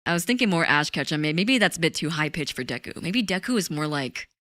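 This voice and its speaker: A woman's voice: low voice, expressive, fast talker, fairly bright tone, no room sound, studio quality. A woman streaming live, chatting casually with her chat, giggly and talkative. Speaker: VTuber streamer.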